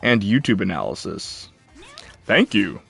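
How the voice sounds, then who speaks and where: Young man, streamer, chatty, animated pitch, faint music behind, reading chat aloud. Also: unhurried, vocal fry, husky. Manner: chatty, jumpy, talks back to chat. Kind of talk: casual live stream chat, reading viewer comments.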